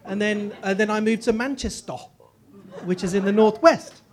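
A man's voice: high-pitched, flat delivery, a little fast. A man in his forties with a posh English accent, telling his personal faith story with self-deprecating jokes. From Northeast England. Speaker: guest speaker. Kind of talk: humorous personal testimony.

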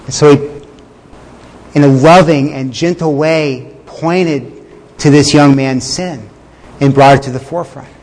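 A man preaching a sermon in a conversational way, with fillers, chuckles and slowed words for emphasis. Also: on the high side, steady tone, darkish tone, in a large hall. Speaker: pastor.

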